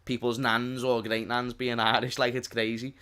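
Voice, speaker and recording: A young man with a Scouse accent co-hosting a casual football podcast, animated and quick to laugh. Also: medium pitch, clean tone. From Liverpool. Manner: laughing, animated, slangy banter. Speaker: podcast co-host.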